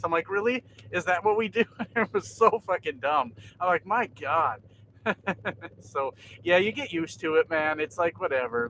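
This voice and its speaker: A man talking loosely to his viewers from his truck cab, swearing freely and laughing often. His voice sits a little high and sounds bright and forward. Faint engine and road noise hums behind him. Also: poor audio. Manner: laid-back, swears often, laughs a lot. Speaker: trucker vlogger. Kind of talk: casual livestream chat.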